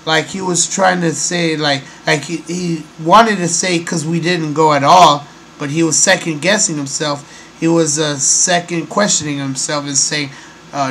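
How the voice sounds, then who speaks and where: A man's voice: a little high, fairly even intonation, measured pace, vocal fry, a bit bright, slight background noise, rough recording. A man hosting a casual monologue, rambling and hesitant with many fillers. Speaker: host.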